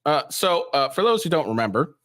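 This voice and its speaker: A man's voice: a little high, sing-song, a little fast, a bit bright, no room sound, clean studio sound. A man doing casual, profane commentary on news clips, rambling with many fillers and restarts. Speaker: commentary streamer reacting to clips.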